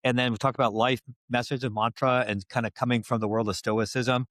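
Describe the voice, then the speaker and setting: A man's voice: medium pitch, little pitch movement, a little fast, fairly bright tone, no room sound, clean studio sound. A man hosting a podcast, asking rambling questions and summing up the talk with frequent restarts. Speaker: podcast host. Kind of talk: casual podcast interview.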